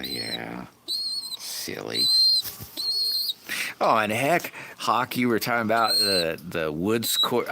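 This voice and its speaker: A man with a low-pitched voice and vocal fry hosts a livestream, rambling in a casual, folksy way and greeting viewers by name. Loud background noise fills the recording.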